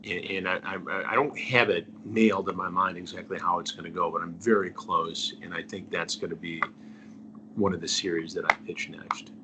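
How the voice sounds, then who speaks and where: Deep-voiced man, earnest storyteller. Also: fairly even intonation, normal speed, sharp tone, slight background noise. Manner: earnest, trails off to a near-whisper at phrase ends. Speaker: investigative journalist, guest. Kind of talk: storytelling in an interview.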